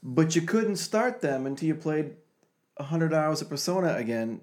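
A man's voice: fairly high pitch, lively intonation, normal speed, darkish tone. Man, podcast co-host, teasing, wry, casual chat.

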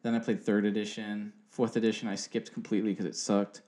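A man's voice: on the low side, level tone, fairly quick, mellow, slight background noise. Rambling, profane man in his thirties. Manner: rambling, swears casually. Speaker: podcast co-host. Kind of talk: casual chat.

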